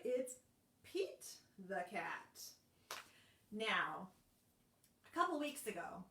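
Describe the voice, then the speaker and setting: A woman leading a children's storytime, reading picture books to young children with an animated, exaggerated, encouraging delivery. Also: medium pitch, distant mic. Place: library room, streamed live. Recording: roomy sound, voice set back from the mic.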